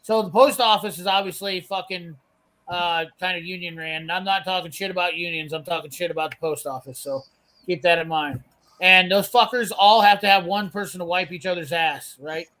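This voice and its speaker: A brash man with a high, bright voice, swearing freely as he spins a story. He acts out the other people's lines while he tells it, in loose, casual chat. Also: normal speed. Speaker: storyteller on a live garage show.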